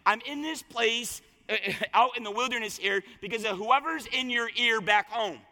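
A man preaching a sermon, retelling a scripture story with lively voiced quotes. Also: very high voice, normal speed. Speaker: pastor. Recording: long reverb of a large hall.

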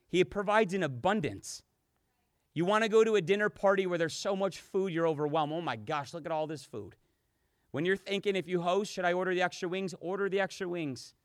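High-voiced man preaching with fervor. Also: dry recording, studio quality. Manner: impassioned preaching that swings from loud to hushed. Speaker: pastor. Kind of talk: sermon.

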